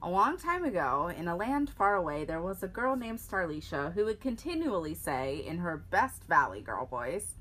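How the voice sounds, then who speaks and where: A woman from rural Pennsylvania co-hosting a podcast, telling a personal story in a wry, animated way. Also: lowish voice, moderate pace, few pauses. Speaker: podcast co-host. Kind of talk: storytelling in casual podcast chat.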